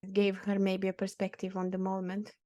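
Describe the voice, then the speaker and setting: Woman co-host, quick playful answers, asks questions back, casual podcast chat. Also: mid-range voice, monotone, mellow. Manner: short, playful replies and questions.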